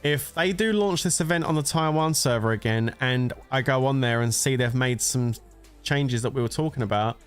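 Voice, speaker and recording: Streaming a mobile strategy game, a man gives casual, chatty commentary, joking and laughing easily. His voice is medium-pitched and smooth, moving at a normal speed. Faint background music plays beneath him.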